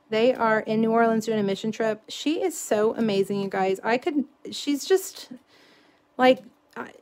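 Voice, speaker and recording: A middle-aged woman, chatting casually through a live craft demonstration and talking to viewers as she works. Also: a little high. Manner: chatty, self-deprecating, talks to viewers in comments.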